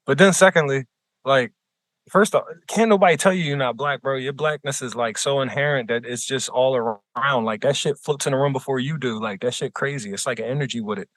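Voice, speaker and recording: A man's voice: medium pitch, a little fast, a bit bright, dry recording. A man co-hosting a podcast in casual chat, blunt and joking with plenty of profanity. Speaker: podcast co-host. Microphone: remote recording.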